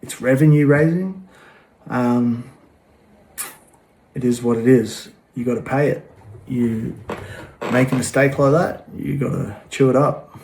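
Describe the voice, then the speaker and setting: A man's voice: medium pitch, unhurried, pauses often, a little mellow, a little hiss or hum. Casting: man, plain-spoken and frank, casual delivery with many ums. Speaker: vlogger. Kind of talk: casual talk to camera.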